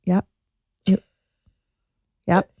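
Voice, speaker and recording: A woman's voice: extremely slow, mellow, no echo, clean studio sound. A woman co-hosting a casual chat podcast, chatting her way through beauty products. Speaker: podcast co-host.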